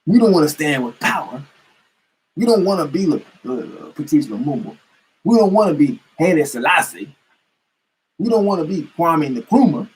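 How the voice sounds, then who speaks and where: Husky male commentator, emphatic and preachy, casual rant. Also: fairly high pitch, very animated, moderate pace, poor audio. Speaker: political commentator. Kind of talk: casual political rant to camera.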